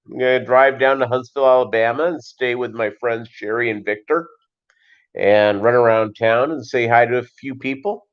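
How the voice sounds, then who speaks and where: A man hosting a casual livestream, rambling with many fillers and pauses and reading chat comments aloud. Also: mid-range voice, fairly even intonation. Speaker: livestream host. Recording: dull lo-fi stream audio.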